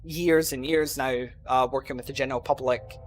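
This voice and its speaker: With a steady, medium-pitched voice at normal speed, a Scottish man with a mild Glasgow accent narrates a lengthy tale while playing on his gaming channel. He wanders casually, saying "um" and "you know" a lot, and there is slight background noise.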